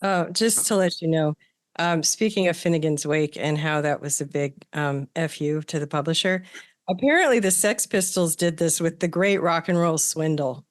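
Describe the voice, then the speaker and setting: A woman's voice: low voice, moderate pace. A woman on a writers' panel, telling a story with wry humor in casual chat.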